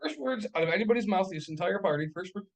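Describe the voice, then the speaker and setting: A man co-hosting a casual podcast, with a voice set somewhat high. He talks bluntly and swears freely. He rambles along, tossing in "like" and "right?" as he goes. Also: animated, fast, low-quality recording. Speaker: podcast co-host.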